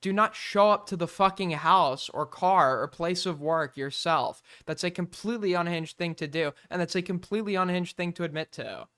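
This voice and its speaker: A man's voice: high voice, moderate pace, few pauses, a bit bright. A man streaming, reacting to a video with blunt, profane, exasperated commentary.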